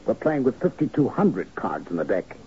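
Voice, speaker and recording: An actor in a 1970s radio drama playing a curt, shrewd manager who explains a cover-up. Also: male voice, fairly low pitch, big pitch swings, moderate pace, dark tone. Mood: explaining. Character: shrewd, weary male manager covering up killings. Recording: dull old radio broadcast with faint hiss.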